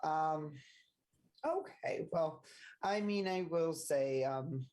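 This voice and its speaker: Slow, hesitant tabletop player. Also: mid-range voice, darkish tone, rough recording. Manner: hesitant, lots of ums. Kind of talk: casual tabletop play.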